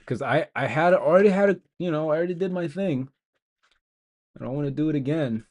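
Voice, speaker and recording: A young game developer streaming live speaks a little high and fairly quick, with lively intonation and a slightly mellow tone. He rambles in casual coding chat, joking at his own expense and talking to himself as he codes.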